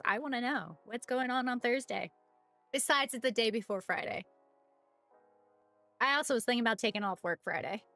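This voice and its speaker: A woman's voice: on the high side, fairly bright tone, dry recording. A woman chatting casually on a live stream as she paints miniatures, greeting viewers by name and laughing often.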